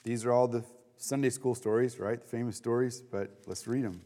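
A man leading a Bible study, teaching in a casual, animated way with many fillers. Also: mid-range voice, a little fast, hardly any pauses, in a large hall.

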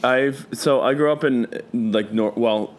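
A man from the Philadelphia area with a Philadelphia accent, a DJ being interviewed, talking in a flat deadpan way. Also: measured pace. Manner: deadpan, low-key delivery. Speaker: guest, DJ. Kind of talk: casual conversational interview.

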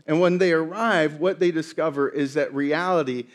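Man, high voice, sermon, animated storyteller, playful asides. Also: normal speed. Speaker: pastor.

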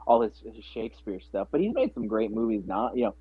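A man's voice: fairly low pitch, sing-song, brisk, slightly rough, no echo. A man chatting casually about films, rambling with many restarts and fillers. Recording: dry, phone-like narrow sound.

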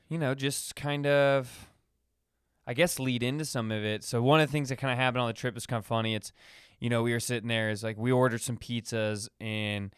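A man's voice: medium pitch, fairly bright tone, smooth, dry recording, studio quality. Rambling man on a solo podcast. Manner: rambling, many fillers, acts out funny voices in anecdotes. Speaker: podcast host. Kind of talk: casual solo podcast monologue.

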